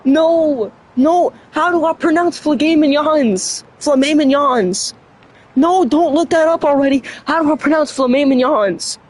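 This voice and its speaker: Young streamer, casual live chat, high and unhurried, tongue-tied and self-mocking. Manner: stumbling over words, flustered and self-mocking; laughs often between lines.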